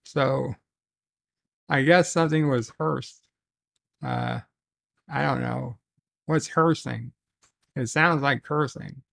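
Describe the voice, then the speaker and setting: A man hosting a casual solo livestream, reading viewer messages aloud slowly and haltingly, with restarts and muttered asides. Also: medium pitch, creaky, fairly bright tone.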